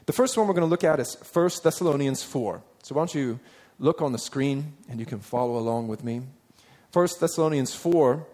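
A man's voice: mid-range voice, lively intonation, normal speed, a little mellow. A man preaching a sermon in a conversational way, putting rhetorical questions to his listeners and reading scripture aloud with emphasis.

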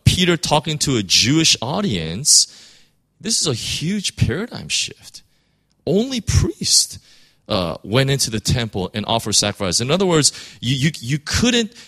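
Halting male preacher, animated pitch, frequent restarts. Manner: halting, repeats words, many restarts. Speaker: pastor. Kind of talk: sermon.

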